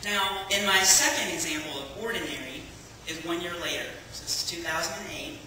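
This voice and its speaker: A woman giving a personal testimony as a lively storyteller, acting out the dialogue and laughing often. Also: lowish voice, a little fast, noisy background. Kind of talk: personal testimony to a church audience. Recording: echoey hall, from far off.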